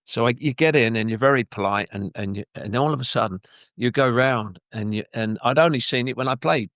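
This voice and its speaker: A man's voice: mid-range voice, fairly quick, no room sound, studio quality. An older man, a former footballer, telling long rambling stories in an interview and acting out other people's lines. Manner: rambling, animated, acts out quoted voices. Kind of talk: anecdotal interview storytelling.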